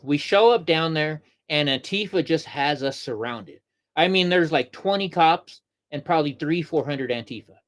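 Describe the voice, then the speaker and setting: Man, livestream host, heated rambling commentary, talks to chat, high voice, big swoops in pitch. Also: lively intonation, normal speed, a bit bright. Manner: rambling, heated, repeats himself; chats with viewers in chat.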